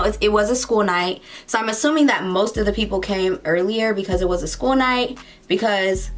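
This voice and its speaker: A young adult woman vlogger telling a story in casual chat, animated and chatty, with lots of "like"s and playful asides. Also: medium pitch. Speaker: beauty vlogger.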